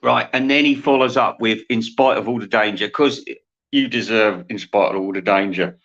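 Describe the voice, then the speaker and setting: A man's voice: lowish voice, normal speed, fairly bright tone. A man host rambling through a satirical comic monologue, laughing at his own jokes. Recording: dull lo-fi sound.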